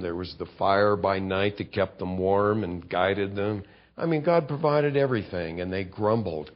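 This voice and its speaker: A man preaching a sermon, telling scripture stories with animated delivery and reading passages aloud. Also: mid-range voice, dull audio.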